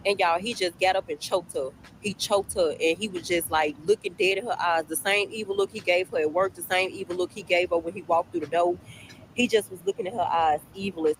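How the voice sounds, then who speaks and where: A woman's voice: on the low side, fairly even intonation, brisk, slight background noise, poor audio. A woman casually telling a storytime to her viewers, chatty, repeating herself and addressing the audience often, recorded while on a break at work. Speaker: storytime vlogger.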